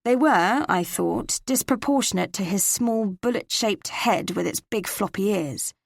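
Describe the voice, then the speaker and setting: A woman with an English accent, narrating a cozy mystery in first person with measured, crisp delivery. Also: medium pitch, dry recording, clean studio sound. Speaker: audiobook narrator.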